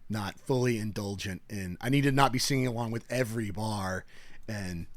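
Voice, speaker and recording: A man's voice: lowish voice, moderate pace, no room sound. A young man co-hosting a podcast, telling stories in casual chat and acting out the people in them with big voices. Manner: animated storyteller, acts out quoted people loudly. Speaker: podcast co-host. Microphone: podcast mic at a table.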